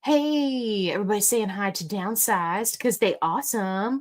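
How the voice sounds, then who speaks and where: A woman's voice: medium pitch, a little slow. A woman hosting a casual livestream Q&A, talking in a chatty, rambling, joking way with plenty of tangents. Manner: chatty, rambling, jokey storytelling. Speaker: host.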